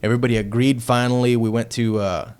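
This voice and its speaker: Metal musician from Texas, podcast guest, mid-pitched man, swears freely and gets excited mid-story. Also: fast talker, smooth. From Texas, United States. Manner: loose, profane, excitable storyteller. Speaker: heavy metal band member, podcast guest. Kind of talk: casual storytelling chat.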